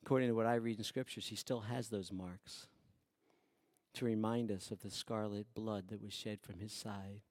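A man preaching a sermon who swings from hushed, quiet passages to loud, emphatic ones. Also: fairly low pitch, no echo, studio quality. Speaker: pastor.

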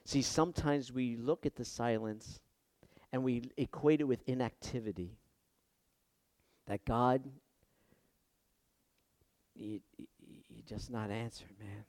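A male pastor preaching a sermon with impassioned delivery, moving between hushed passages and loud emphatic ones. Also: mid-range voice, steady tone, takes it slowly, pauses often, no room sound.

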